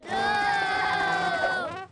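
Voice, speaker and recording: Whiny pushy cartoon pigeon, slow, swoopy, begging, noisy recording. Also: female voice, a little high, very animated, a faint crowd, heavily acted. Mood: pleading. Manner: wheedling, bargaining, dramatic outbursts. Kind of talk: animated game character voice.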